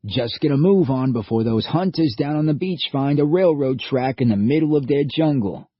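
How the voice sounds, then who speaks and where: A man's voice: medium pitch, expressive, normal speed, breathy edge, dry recording, lo-fi sound, pitched above the performer's own voice. A man voicing a nervous older expedition leader who tries to placate the others.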